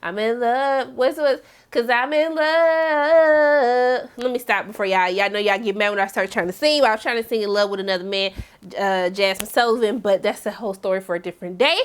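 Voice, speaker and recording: A woman giving a chatty, animated recap of a TV episode, with big swings in her voice and playful asides. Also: medium pitch, fast, smooth. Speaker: TV recap host. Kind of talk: casual TV recap commentary.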